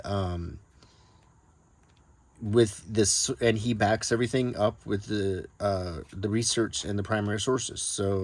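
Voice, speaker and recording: A man casually talking through his book collection in a soft, meandering way, full of ums and restarts, sometimes reading old newspaper text aloud. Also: lowish voice. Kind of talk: casual, unscripted talk about his books.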